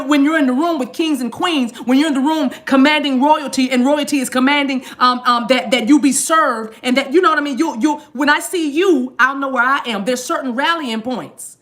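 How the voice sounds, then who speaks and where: Brief: woman, higher-pitched, spiritual reader talking to her viewers, animated and repetitive. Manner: animated, repetitive, addresses audience as y'all. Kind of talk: live channeled reading to viewers.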